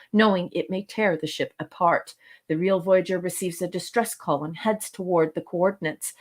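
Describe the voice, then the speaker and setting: Female co-host, mid-pitched voice, steady synopsis reading with wry asides. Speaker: podcast co-host.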